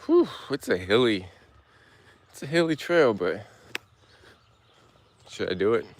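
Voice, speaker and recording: Slow, low-voiced man chatting on a trail walk. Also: sing-song, slight background noise. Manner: rambling, loose, heavy on filler words. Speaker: livestream host. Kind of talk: casual livestream chat while walking. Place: outdoors on a hilly woodland trail.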